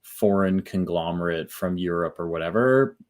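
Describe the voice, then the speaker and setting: This podcast host has a low-pitched male voice and talks at a normal speed. His casual chat rambles along, packed with fillers.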